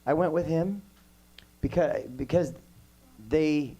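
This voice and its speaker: A man in his forties speaks slowly, his fairly high voice warm with a breathy edge; he sounds under the weather, and the audio is poor with faint music in the background. As a guest musician at a casual workshop Q&A with kids in a music school room, he tells rambling stories full of tangents.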